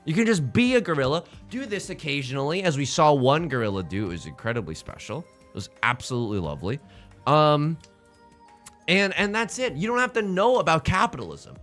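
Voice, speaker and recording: Animated jokey male streamer. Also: a little high, a little fast, soft background music. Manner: animated, jokey, self-mocking. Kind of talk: casual stream chat.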